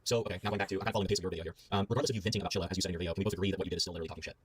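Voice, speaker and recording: A man's voice: low voice, steady tone, racing, slight background noise. A man interviewing a guest, asking blunt, probing questions.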